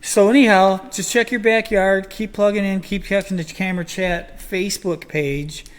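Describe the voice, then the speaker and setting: An older man with a slightly higher-pitched voice chats casually as a show host. He wanders through his thoughts, dotting them with ums and self-corrections. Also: steady tone, normal speed. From Michigan. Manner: rambling, chatty, many ums and restarts. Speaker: podcast host. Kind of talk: casual chat.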